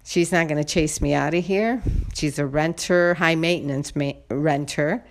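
A woman vents to her viewers in a casual vlog story, talking straight to them. She sounds indignant and worked up. Her voice sits on the low side for a woman. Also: moderate pace. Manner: indignant, venting, talks to viewers directly. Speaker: vlogger.

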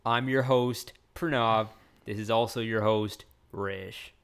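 A man's voice: lowish voice, steady tone, takes it slowly, clean tone. Teasing man hosting a podcast. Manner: teasing, exasperated banter. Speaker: podcast host. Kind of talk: casual chat.

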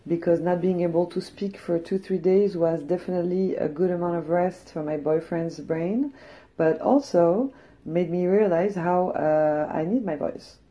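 A young woman with a French accent hosts her podcast in a hoarse, slightly low voice. Her tone is dark and mellow, and she talks in a chatty, blunt way with casual swearing. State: hoarse, recovering from lost voice. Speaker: podcast host. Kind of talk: casual chat.

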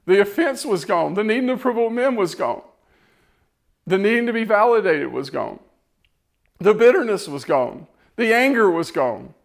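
Earnest high-voiced man preaching. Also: expressive, normal speed, vocal fry. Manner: earnest, repetitive, impassioned. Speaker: preacher giving testimony. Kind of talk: emotional testimony sermon.

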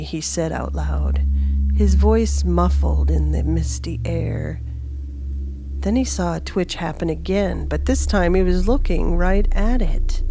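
Slow, low-voiced woman narrating fantasy. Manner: slow, steady storytelling. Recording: fantasy music playing behind.

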